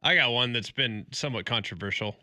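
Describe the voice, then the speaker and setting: A man's voice: medium pitch, a little fast, bright, forceful tone, dry recording, studio quality. A man co-hosting a morning sports radio show, bantering casually and arguing with mock seriousness. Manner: joking, argues with mock seriousness. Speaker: radio sports talk co-host.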